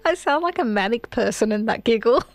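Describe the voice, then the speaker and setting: A woman's voice: on the high side, animated, fairly quick, no echo. A woman co-hosting a radio show, enthusiastic and giggly in casual banter.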